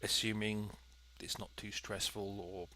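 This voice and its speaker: A man's voice: fairly low pitch, little pitch movement, unhurried, pushed and bright. A man giving chatty, dry, methodical commentary while playing a cooking game. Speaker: let's play host. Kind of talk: gameplay commentary.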